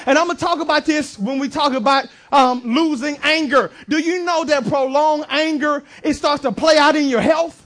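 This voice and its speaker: High-voiced joking preacher man. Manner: lively, joking preacher with shouted bursts. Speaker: pastor. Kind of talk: sermon. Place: church sanctuary.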